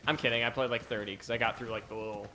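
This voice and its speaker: A man's voice: medium pitch, steady tone, very fast, noisy background. A young man co-hosting a gaming stream, chatting casually and joking through rambling restarts. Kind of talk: casual chat.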